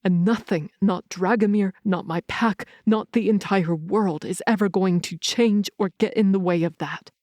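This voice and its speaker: Lady reading as a young werewolf guy, earnest and blunt, slow and dry-sounding. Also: medium pitch, darkish tone, no room sound, close to an everyday voice. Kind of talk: audiobook character reading.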